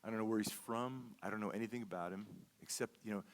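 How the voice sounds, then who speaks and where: A guest speaker with a lowish voice preaches fast in a church sanctuary. He tells a personal story in a conversational way, repeating words and checking in often with "okay?"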